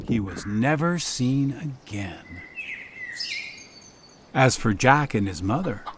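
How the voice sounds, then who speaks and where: A man reading a children's story aloud, slow and expressive, in a storytelling manner. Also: medium pitch. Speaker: narrator.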